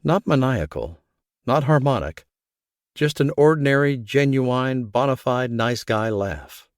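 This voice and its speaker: A man reading an audiobook as scripted narration, in a steady, even storytelling manner. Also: medium pitch, unhurried, no echo, studio quality.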